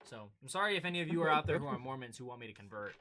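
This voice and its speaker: A man's voice: mid-range voice, racing, crowd noise. A young man co-hosting a casual podcast, telling stories and acting out both sides of the exchanges. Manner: animated storytelling, acting out exchanges. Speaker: podcast co-host. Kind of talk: casual chat.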